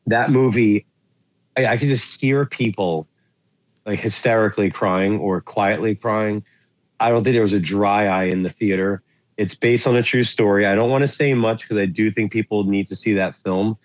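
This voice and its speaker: A man's voice: fairly low pitch, moderate pace, dry recording, muffled recording. A man co-hosting a movie podcast, chatting casually and rambling with lots of fillers as he searches for words. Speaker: podcast co-host. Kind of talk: casual chat about movies.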